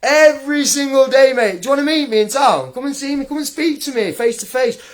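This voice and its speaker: A man's voice: very high voice, brisk. A young man livestreaming an angry rant, taunting and mocking a critic with frequent laughs.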